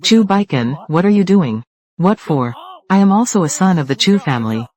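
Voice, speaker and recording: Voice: mid-range voice, animated, moderate pace, darkish tone, close to an everyday voice. A dubbing voice performing corporate rivals in a drama, delivering short, confrontational lines. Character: corporate rivals trading threats over control of a company. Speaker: dub voice for several characters. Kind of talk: dubbed drama dialogue.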